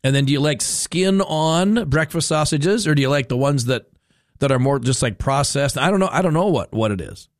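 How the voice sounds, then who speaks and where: A male talk radio host rambling through a casual on-air monologue. His pitch rises and falls a lot, and he sounds amused with himself. The studio sound is dry and close. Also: brisk, no room sound. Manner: rambling, animated, self-amused.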